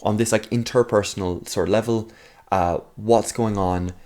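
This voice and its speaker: A man with a fairly low voice talks straight to camera in a loose, unscripted monologue. He wanders off on tangents, fills pauses with "um" and "like", and now and then argues back at himself before returning to his point. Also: steady tone, a little mellow. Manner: rambling, thinks aloud with many fillers and asides; argues with himself in a mock second voice. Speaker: video essayist. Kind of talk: casual talking-head monologue.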